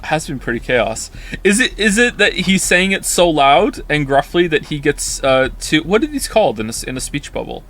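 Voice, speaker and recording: A man's voice: fairly high pitch, big pitch swings, normal speed, fairly bright tone. A man streaming live, chatting casually and reacting to viewer comments in a rambling way with frequent restarts.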